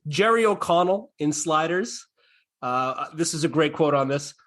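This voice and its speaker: A man hosting a podcast in casual chat, animated as he retells scenes and reads quotes aloud. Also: on the high side, unhurried. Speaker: podcast host.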